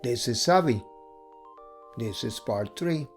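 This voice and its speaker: A man's voice: mid-range voice, expressive, takes it slowly, faint music behind. A man hosting a casual drawing tutorial, thinking aloud and repeating words as he sketches. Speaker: art tutorial host.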